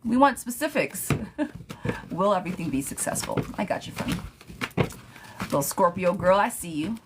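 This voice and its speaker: A woman's voice: lowish voice, lively intonation, moderate pace. Woman, tarot reader, casual live-stream chat, laughs a lot, audible background noise. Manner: chatty, laughs often, reads out viewer questions.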